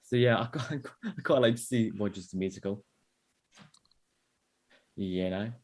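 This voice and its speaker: A man's voice: on the low side, expressive, unhurried. A man co-hosting a casual fan podcast, rambling and jokey, with lots of restarts and fillers. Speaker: podcast co-host. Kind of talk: casual chat.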